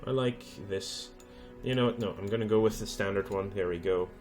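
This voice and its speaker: A man's voice: lowish voice, fairly quick, darkish tone, faint music behind. Hesitant man narrating a game. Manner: hesitant, thinking aloud with many fillers. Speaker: let's play host. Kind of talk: casual gameplay commentary.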